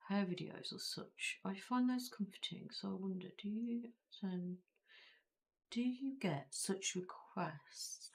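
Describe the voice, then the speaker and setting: A Belfast woman from Northern Ireland hosts a live stream as an ASMR creator, chatting casually with viewers and rambling with plenty of fillers. Her voice sits on the low side, expressive and creaky, delivered at a measured pace.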